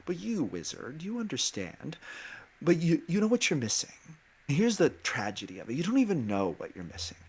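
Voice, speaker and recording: Man putting on a fantasy villain, coaxing, flattering, quietly passive-aggressive, hushed delivery, tabletop role-play. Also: a little high, moderate pace, slightly rough, pitched above the performer's own voice, heavily acted. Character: smooth-talking manipulative male fantasy villain.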